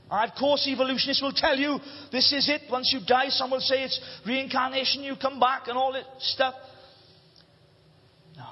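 A Welsh man preaching a sermon, impassioned, swinging between shouting and hushed delivery. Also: extremely high pitch, flat delivery, normal speed, husky. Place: church hall. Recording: reverberant hall, dull lo-fi sound.

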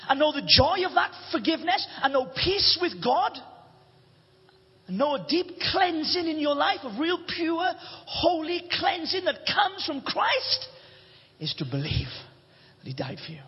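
A Welsh man preaching a sermon, impassioned, swinging between shouting and hushed delivery. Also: very high voice, sing-song, measured pace. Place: church hall. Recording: reverberant hall, dull lo-fi sound.

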